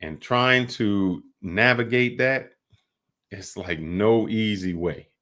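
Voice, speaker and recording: A man hosting a casual podcast, telling loose stories with drawn-out fillers and restarts. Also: on the low side, fairly bright tone. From United States. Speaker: podcast host.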